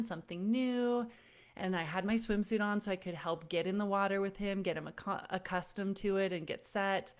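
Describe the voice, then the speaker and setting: A parenting coach leads a live online workshop in a lowish, clean-toned voice. She talks right to her audience, calling them friends, and shares stories in a conversational way peppered with "like."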